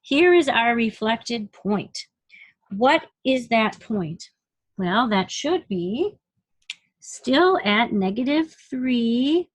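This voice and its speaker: A woman's voice: a little high, expressive, drawn-out words, no room sound. A woman teaching a recorded math lesson, patiently counting units aloud and asking questions as she works. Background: dog barking.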